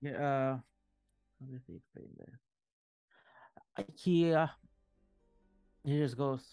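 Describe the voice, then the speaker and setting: A man running a tabletop game as game master, narrating in a halting way with many fillers. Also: medium pitch, a little mellow, clean tone, dry recording, soft background music. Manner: hesitant, filler-heavy narration.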